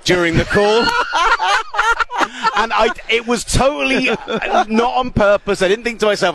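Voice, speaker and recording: A man's voice: high-pitched, a little slow. A man with a British accent, a sports radio presenter, chatting in an interview and telling stories with frequent laughter. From United Kingdom. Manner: chatty, laughs often, animated storytelling. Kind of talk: casual interview chat. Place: busy media hall.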